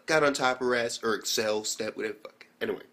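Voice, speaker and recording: Guy ranting thru an anime episode recap, swears a lot, does little voices for the characters, ordinary middle pitch. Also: fast talker, a bit bright. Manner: rambling, profane, acts out characters' lines. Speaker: anime reviewer. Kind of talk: casual spoken review.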